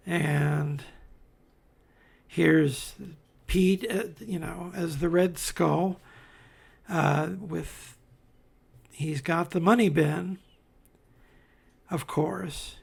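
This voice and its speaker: A man with a gravelly, somewhat husky voice talks slowly through a stack of new comics. His delivery rambles, with wry asides and plenty of fillers, sitting a little high in pitch. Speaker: comics reviewer. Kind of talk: casual commentary while paging through comics.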